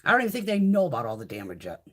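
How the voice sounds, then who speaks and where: A woman's voice: low-pitched, wildly swooping pitch, very fast, a bit bright. A middle-aged woman hosting a casual live stream, chatting freely with viewers, swearing a lot and reading out their comments. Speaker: beauty channel host.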